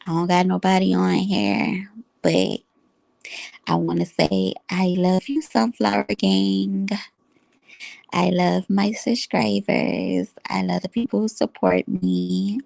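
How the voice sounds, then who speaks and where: A woman signs off her vlog in an unhurried, rambling way. Her voice sits a little low and is full of gravelly fry. The sound is dry and close, with no room around it. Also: steady tone, darkish tone, dry recording. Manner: slow, rambling, with fillers. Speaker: vlogger. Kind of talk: casual vlog outro.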